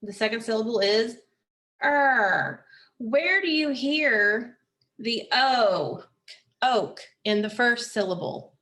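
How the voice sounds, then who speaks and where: A woman teaching a phonics lesson, slowly and patiently sounding out words and syllables for children. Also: on the high side, lively intonation, fairly bright tone.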